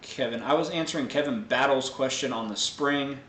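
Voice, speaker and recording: A man hosting a live question-and-answer show, explaining technical answers in a relaxed way with many fillers. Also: medium pitch, moderate pace, roomy sound, slight background noise. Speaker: host answering viewer tech questions. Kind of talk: casual live Q&A.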